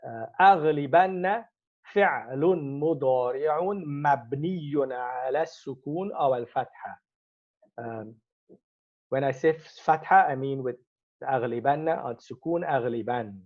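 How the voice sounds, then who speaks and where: A man teaching an Arabic grammar lesson, explaining step by step and repeating each Arabic word as he goes. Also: medium pitch. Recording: slightly muffled lo-fi recording.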